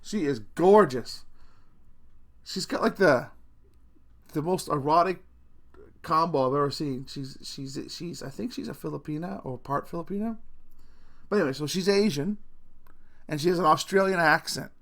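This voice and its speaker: A middle-aged man talks straight to his viewers in a loose, rambling rant, sprinkling in curses and chuckling at his own jokes. His voice sits a little higher than most men's. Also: normal speed, pauses often, a bit bright. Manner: rambling, profane, laughing at himself. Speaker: vlogger. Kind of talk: casual rant to camera.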